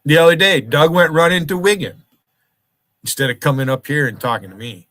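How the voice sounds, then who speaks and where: Confrontational male streamer, swears constantly, slightly high voice, dry sound. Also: brisk, bright, forceful tone, no room sound. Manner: profane, confrontational, calls out viewers by name. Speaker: livestream host. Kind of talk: angry livestream rant.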